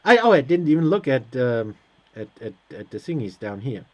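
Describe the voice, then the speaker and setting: Over lo-fi sound, a man with a mid-range, sing-song voice talks at a moderate pace. He's hosting a let's play, casually reading game text from the screen and answering it with hesitant sarcasm.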